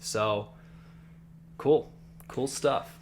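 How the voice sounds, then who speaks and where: A man's voice: mid-range voice, drawn-out words, slight background noise. A man co-hosting a podcast, recapping an anime episode in a rambling, casual way with lots of fillers. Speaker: podcast co-host.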